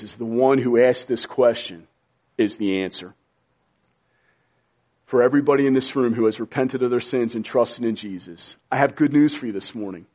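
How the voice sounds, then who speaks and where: A man preaching a sermon to a congregation, impassioned and pleading, sometimes dropping to a hushed voice. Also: medium pitch. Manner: impassioned, pleading preaching with sudden quiet drops. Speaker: pastor.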